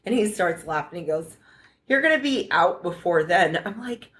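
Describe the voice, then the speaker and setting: Lively, expressive American woman storyteller. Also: medium pitch, moderate pace. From United States. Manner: animated, profane, acts out dialogue in her story. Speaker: podcast co-host. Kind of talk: casual storytelling chat.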